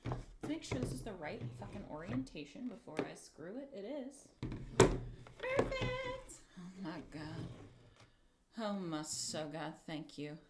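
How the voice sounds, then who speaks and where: A woman's voice: lowish voice, unhurried, very noisy. A young adult woman streaming live, muttering, swearing and chatting with viewers while she works on a craft project. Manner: muttering and self-deprecating, swears, talks to chat while working. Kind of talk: casual livestream crafting chatter.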